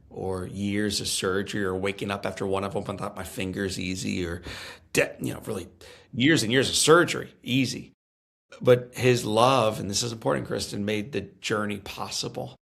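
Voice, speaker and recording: A man's voice: fairly low pitch, gravelly, a bit bright. A middle-aged man telling his own story earnestly in an interview, often repeating words as he stresses a point. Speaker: podcast guest, speaker.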